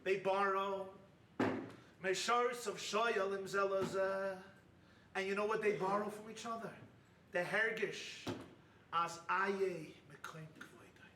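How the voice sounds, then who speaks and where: A man preaching as a rabbi at a retreat, impassioned, swinging from loud calls to hushed lines and mixing in Yiddish and Hebrew terms. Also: high-pitched, slow pace, a little hiss or hum. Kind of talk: sermon with storytelling. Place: hall at a weekend retreat. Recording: roomy, distant mic with faint ambience.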